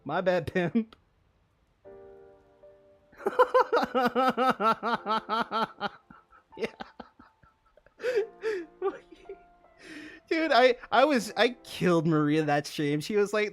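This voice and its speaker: A man's voice: high-pitched, wildly swooping pitch, extremely slow, long pauses, fairly bright tone, faint music behind. A young man streaming while he builds models, telling a long funny story in casual chat, laughing and swearing often.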